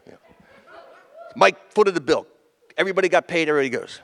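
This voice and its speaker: A man's voice: fairly high pitch, fast, gravelly. Comedian man telling stories in a big reverberant room. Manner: animated, acts out the people in his stories. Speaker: comedian telling a tribute story. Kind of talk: stand-up storytelling. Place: comedy club stage. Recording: long hall reverb.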